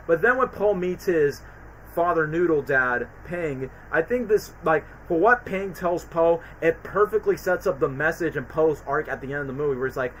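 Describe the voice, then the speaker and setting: A man streaming a casual film ranking, talking in an excitable, rambling way with many fillers. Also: a little high, normal speed, a little hiss or hum, poor audio. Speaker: streamer reviewing films. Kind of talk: casual chat.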